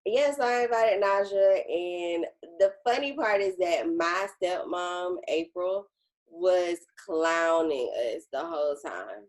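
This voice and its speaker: A woman co-hosting a casual podcast, telling family stories in a relaxed way and acting out what others said. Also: on the low side, slow. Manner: relaxed storyteller, acts out quoted voices. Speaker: podcast co-host. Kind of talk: casual chat.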